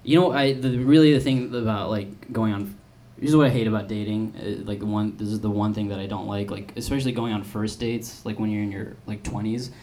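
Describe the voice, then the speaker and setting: Speaking briskly with hardly any pauses, this twenty-something comedian delivers a meandering, self-mocking routine full of "like" and false starts. His pitch is fairly low, his intonation fairly even, his tone darkish, and the noisy club recording carries audience laughter.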